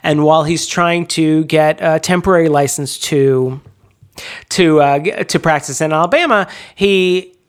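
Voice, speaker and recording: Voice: medium pitch, measured pace, clear, resonant tone. A podcast co-host in a casual movie discussion, talking in a chatty, digressive way.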